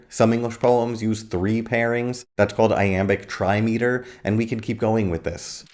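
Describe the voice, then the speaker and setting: A man giving a scripted video lecture on poetry, measured and explanatory, reading verse lines slowly. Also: fairly low pitch, darkish tone. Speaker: literature lecturer.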